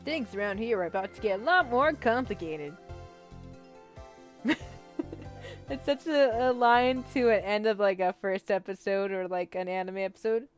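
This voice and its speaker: A woman's voice: mid-range voice, normal speed, long pauses. A woman co-hosting a game let's-play, reading the narration and a boy's lines aloud with feeling. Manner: reads narration with feeling, laughs between lines. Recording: voice over game music. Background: faint game music.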